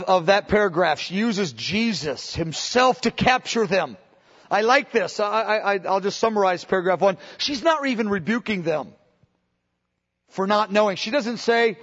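High-voiced impassioned male preacher. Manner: impassioned, with many restarts and acted-out quotes. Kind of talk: sermon teaching. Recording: dull lo-fi sermon recording.

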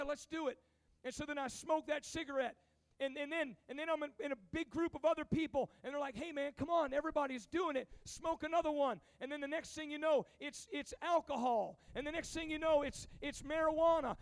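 A man preaching an urgent sermon to teenagers at a youth camp, stumbling and repeating words as he pushes on. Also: extremely high pitch. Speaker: pastor. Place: large hall at a youth camp. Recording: reverberant hall.

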